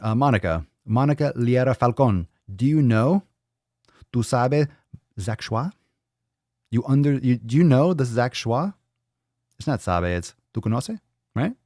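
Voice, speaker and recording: Guy hosting a fitness livestream, kinda low voice, goofy and sweary, repeats stuff singsong, dry close sound. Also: vocal fry, darkish tone, dry recording. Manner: playful, loose and profane, repeating phrases in a sing-song way. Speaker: fitness show host. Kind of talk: casual livestream chat.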